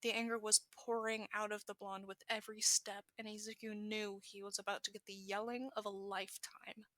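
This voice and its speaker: A woman's voice: mid-range voice, level tone, fairly bright tone, no room sound. A woman reading a fan fiction story aloud, correcting small slips as she goes. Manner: brisk reading with self-corrections. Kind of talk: podfic narration.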